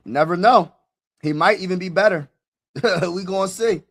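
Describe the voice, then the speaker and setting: A young man hosting a live draft reaction stream, talking casually and excitedly straight to his viewers and repeating himself. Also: high-pitched, moderate pace.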